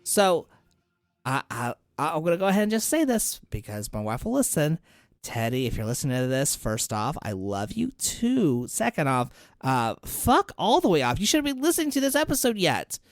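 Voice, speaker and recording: A man in his thirties telling animated, swear-heavy stories as a guest on a casual podcast. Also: on the high side, normal speed, no echo, clean studio sound. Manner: animated storytelling, swears freely.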